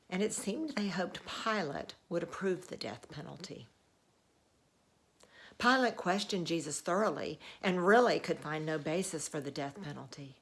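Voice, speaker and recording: Woman playing Roman centurion, commanding officer; earnest, measured first-person monologue, lowish voice.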